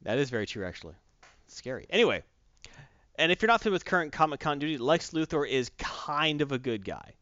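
A man chatting through a comic book plot with a lively, swooping delivery, slipping into voices for the characters. The recording is dry and a little dull, with no room sound. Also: a little high, no room sound. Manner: animated, jumps into quick character voices while retelling. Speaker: comic book podcast host. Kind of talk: casual comic recap chat.

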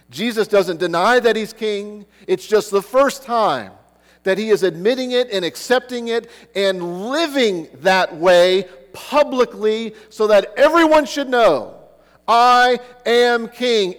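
High-voiced man preaching in a reverberant hall. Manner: earnest, keeps asking the listeners rhetorical questions. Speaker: pastor. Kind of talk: sermon.

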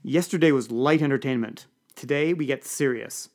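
Guy doing a loud bossy politics staffer, barks orders, pushy and brisk. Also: mid-range voice, natural voice. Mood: commanding. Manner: brisk and commanding.

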